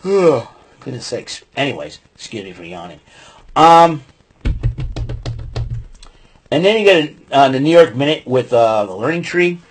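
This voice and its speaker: A man with a husky, breathy voice talks through a wrestling broadcast in casual podcast style. He rambles, piles up fillers and gives his opinions freely. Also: mid-range voice, sing-song, unhurried, long pauses. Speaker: podcast host. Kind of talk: casual wrestling show recap.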